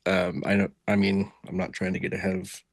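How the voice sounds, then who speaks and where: Man, lowish voice, dry recording, casual co-host, enthusiastic. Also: completely flat delivery, fairly quick, vocal fry, no echo. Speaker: podcast co-host. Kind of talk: casual wrestling review chat.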